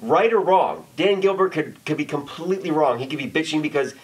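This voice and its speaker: A man with a slightly high voice hosts a casual sports debate. He argues with energy and blunt, profane candor, pressing his point without polish. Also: fairly quick, rough recording. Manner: animated, argumentative, profane. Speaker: sports debate show host.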